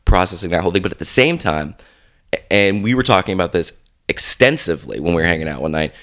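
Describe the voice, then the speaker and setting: Very low-voiced man, podcast host with a cold. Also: animated, fast talker, a bit bright. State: under the weather, coughing. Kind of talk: casual podcast chat.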